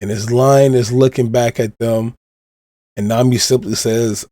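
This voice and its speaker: A man hosting a podcast, giving an animated, casual retelling and leaning on the same stock phrases. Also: medium pitch, a little slow, dry recording, studio quality. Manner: animated retelling, leans on "of course". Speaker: podcast host. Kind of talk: casual recap of a manga chapter.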